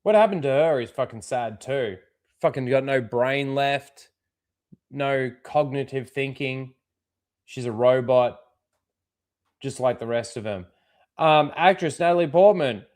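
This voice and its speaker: A man's voice: medium pitch, a little slow, pauses often, a little mellow. A man hosting a casual commentary show, scornful and heavy on swearing, often rising into angry rants. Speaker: commentary channel host.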